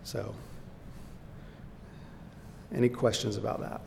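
A man's voice: little pitch movement, slow, gravelly, darkish tone. Man teaching in an echoey hall. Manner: earnest, explanatory, with fillers and restarts. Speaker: Bible teacher. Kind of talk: Bible study lesson. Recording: echoey hall with faint rumble.

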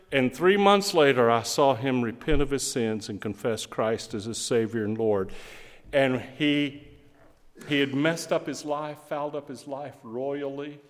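A middle-aged man, a pastor, preaching a sermon with emphatic swings between loud and quiet. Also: mid-range voice. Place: church sanctuary. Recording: long reverb of a church hall.

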